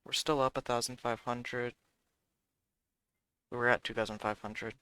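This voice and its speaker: A man's voice: mid-range voice, level tone, moderate pace, sharp tone, clean tone, no room sound. A man giving live commentary on his own day trading, muttering prices and cursing when trades go wrong.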